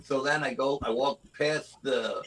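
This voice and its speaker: A middle-aged man telling a story as a guest in a live interview, animated and often asking "you know?". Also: mid-range voice, a little slow, low-quality recording. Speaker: guest, cryptid investigator.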